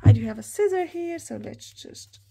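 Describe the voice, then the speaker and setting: A woman in her thirties chatting through an unboxing haul, gushing and excitable, often talking straight to her viewers. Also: high-pitched, normal speed, creaky, slight background noise. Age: 30s. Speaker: planner hobby vlogger.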